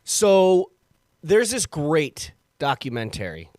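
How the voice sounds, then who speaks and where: A man's voice: a little high, sing-song, takes it slowly, a little mellow, no room sound. A man co-hosting a podcast from upstate New York, joking casually and swearing as he talks. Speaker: podcast co-host. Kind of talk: casual chat.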